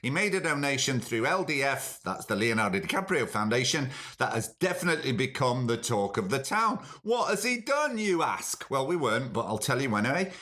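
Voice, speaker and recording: A man's voice: medium pitch, big pitch swings, fairly quick, hardly any pauses, bright, forceful tone. A man hosting a comic podcast, chatting in a dry, jokey way and interrupting himself as he reads out news. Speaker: podcast host. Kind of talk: comic monologue and phone bit.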